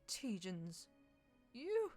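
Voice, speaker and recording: Woman reader as anxious fussy young man, high excited voice, loud, soft music behind. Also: slow pace, vocal fry, heavily acted. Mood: insistent.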